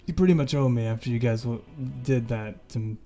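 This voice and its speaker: A man plays a starving rat whose voice creeps into a mind, sighing and stumbling over its words. It begs in a low, furtive, hesitant way, even in pitch with a touch of background music. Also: close to an everyday voice. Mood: pleading, furtive. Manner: sighing, halting, pleading. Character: hungry male rat speaking telepathically.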